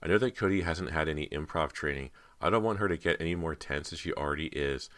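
A man's voice: rumbling low, fast talker, fairly bright tone, dry recording. A man reading an audiobook voices a cool, condescending actress who shrieks when hurt. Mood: patronizing. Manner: cool and patronizing, then shrieking.

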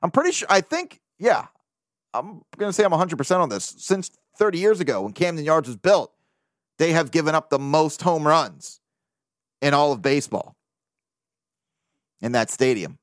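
A man hosting a sports podcast, talking through baseball news in a casual, profane monologue that swings between animated bursts and low mumbled asides. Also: moderate pace, pauses often, no room sound, clean studio sound. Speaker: podcast host.

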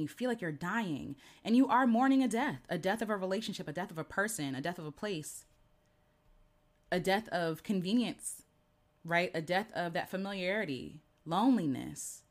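Earnest woman speaking gently, slightly low voice. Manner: gentle, earnest, repeats "right?". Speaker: host. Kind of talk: heartfelt personal talk.

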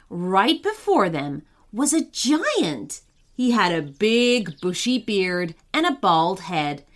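A woman narrating a children's story in an expressive, unhurried way. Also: medium pitch.

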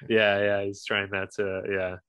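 A man with a very deep voice chats about a movie on a podcast, relaxed and agreeable, filling his talk with yeahs and ums. The recording is dry, with little room sound. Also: unhurried, clear, resonant tone, dry recording. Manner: laid-back, agreeable, lots of yeahs and fillers. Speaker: podcast co-host. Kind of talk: casual movie chat.

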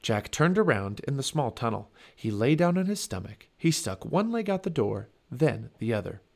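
A man's voice: medium pitch, normal speed, vocal fry. A man reading a children's chapter book aloud for a family podcast, telling it expressively. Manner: expressive storytelling.

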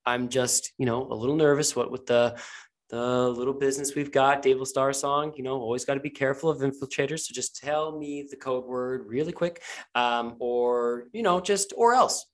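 A man's voice: medium pitch, moderate pace, natural voice. A man playing a falsely sweet gang woman. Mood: coaxing. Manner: sugary, then menacing. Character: wary female gang lieutenant, falsely sweet.

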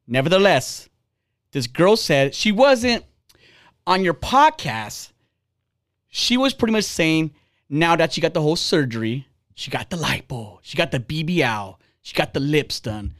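A man in his forties holds forth on his podcast in a blunt, profane rant. His pitch swings widely as he heats up. He talks casually and heatedly, straight at his co-hosts. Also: sing-song, measured pace, a bit bright. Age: 40s. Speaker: podcast host. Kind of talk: casual ranting podcast talk.

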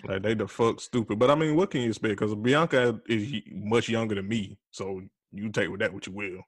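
A man's voice: fairly low pitch, a little fast. A man co-hosting a casual chat show, dry and wisecracking. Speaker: podcast co-host. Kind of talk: casual chat recapping reality TV.

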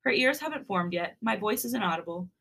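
A woman's voice: mid-range voice, lively intonation, a little fast, gravelly, pushed and bright. A woman podcast host reading a romance fanfic aloud, breaking off for casual, chatty asides.

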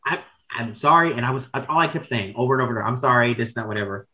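A man's voice: on the low side, steady tone, moderate pace, pushed and bright, poor audio. A man in his thirties telling candid, rambling stories as a podcast guest, with casual swearing and self-corrections. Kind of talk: casual storytelling chat.

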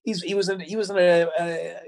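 A man's voice: sits high, level tone, a little fast, vocal fry, a little mellow. A man co-hosting a casual recap chat, easygoing and mildly exasperated. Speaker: show co-host.

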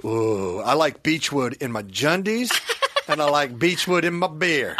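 A man's voice: a little high, very animated, measured pace, slight background noise. A man hosting a podcast, bantering casually and reading an ad in a jokey, playful way. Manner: jokey, playful, breaks into mock shouting. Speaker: podcast host.

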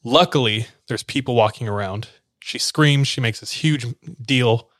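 A man's voice: mid-range voice, unhurried, fairly bright tone, no echo, studio quality. A man hosting a podcast, casually retelling a story and slipping briefly into the characters' voices. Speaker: podcast host telling a story.

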